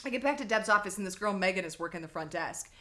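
A woman hosting a podcast, telling funny stories in a lively way and laughing often. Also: mid-range voice, quick pace. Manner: animated, laughing storyteller. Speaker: podcast host. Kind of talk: casual storytelling chat.

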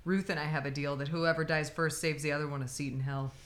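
A woman's voice: deep voice, quick pace, roomy sound. A woman co-hosting a casual chat, telling jokes and acting out the people she quotes. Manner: animated, joke-telling, acts out quotes. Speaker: co-host.

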